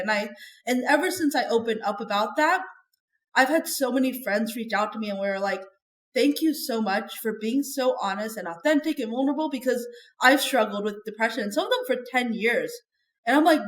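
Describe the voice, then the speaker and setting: A woman guest in a podcast interview, talking in a chatty, earnest way and filling her sentences with "like". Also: on the high side. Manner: chatty and earnest, heavy use of "like". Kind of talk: candid conversational interview. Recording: echoey room.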